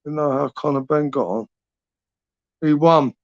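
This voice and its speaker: A man's voice: a little high, measured pace, no room sound. Sweary man in his forties rambling. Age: 40s. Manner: rambling, sweary, matey banter. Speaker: live stream host reading chat. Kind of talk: late-night live stream chat. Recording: dry, dull lo-fi stream audio.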